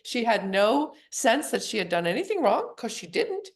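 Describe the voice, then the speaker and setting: A middle-aged woman with a gravelly, fry-tinged voice speaks as a psychologist guest on a podcast. She tells her stories in an animated way. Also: a little high, moderate pace. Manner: storytelling, animated voicing of quoted people. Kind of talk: podcast interview.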